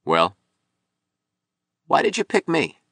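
A man's voice: medium pitch, huge pitch swings, slow pace, fairly bright tone, dry recording, studio quality, pitched above the performer's own voice, full character voice. A man reading an audiobook, voicing a bitter, broken young male sculptor who pleads and turns suspicious.

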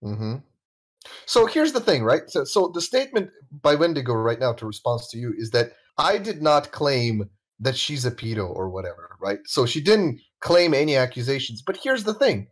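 A channel host leads a voice chat call, speaking at a moderate pace in a medium-pitched, very animated voice. The casual, heated conversation has him swearing bluntly and checking facts with the others as he goes, and the recording is rough.

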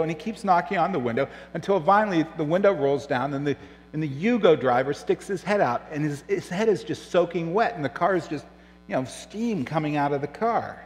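A middle-aged man preaching a sermon as pastor, telling stories and dropping soft and low on serious points. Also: big-room sound, rough recording. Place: church.

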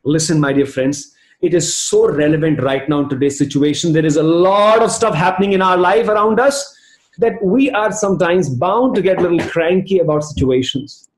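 A man giving a lively motivational training talk over a video call, telling stories and calling on participants by name. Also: high voice, moderate pace, echoey room. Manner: animated storytelling, addresses participants by name. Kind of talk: virtual training session talk.

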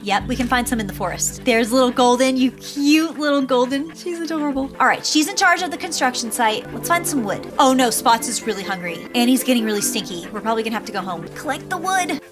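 A woman's voice: fairly high pitch, very animated, quick pace, few pauses. A woman commentating a cozy pet game, cooing sweetly at the puppies in baby talk. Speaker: gaming YouTuber. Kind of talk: let's play commentary. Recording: game music playing behind.

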